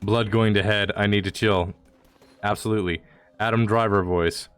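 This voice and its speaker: A man's voice: fairly low pitch, level tone, normal speed, fairly bright tone, smooth, faint music behind. A man streaming a video game, talking casually in a rambling, jokey way with mock-dramatic lines. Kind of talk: casual gameplay commentary.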